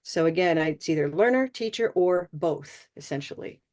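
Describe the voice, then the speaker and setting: A woman's voice: low-pitched, expressive, normal speed, a little mellow. A woman teaching an online English pronunciation class, encouraging and checking in with "okay?" often.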